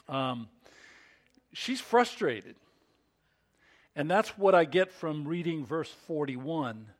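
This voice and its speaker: A male pastor preaching a sermon in an expressive way, acting out scripture scenes. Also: fairly high pitch.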